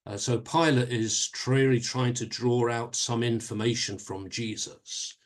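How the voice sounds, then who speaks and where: A man at a mid pitch teaching a church Bible study. He explains the passage slowly and carefully, often pausing and going back over his words as he thinks aloud. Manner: measured explaining with frequent fillers and restarts.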